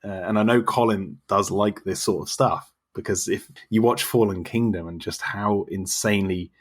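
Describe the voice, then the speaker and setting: A man's voice: lowish voice, fairly even intonation, normal speed, slightly rough. A man chatting on a podcast, rambling enthusiastically through his film theories. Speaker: podcast guest. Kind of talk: casual chat.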